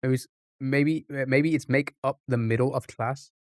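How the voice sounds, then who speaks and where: A man streaming from home, talking through his thoughts in a rambling, repetitive way. He speaks at a mid pitch, and the sound is close and dry with no room echo. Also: fairly even intonation, moderate pace. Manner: rambling, thinks aloud, repeats phrases. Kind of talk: casual live-stream chat.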